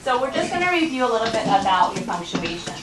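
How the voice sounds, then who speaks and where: A high-voiced woman leads a first-grade reading lesson, patient and coaxing, checking in with the class. She is recorded from a distance in an echoey classroom, with noise in the recording. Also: sing-song, fast. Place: elementary school classroom. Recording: roomy classroom recorded from afar, noisy.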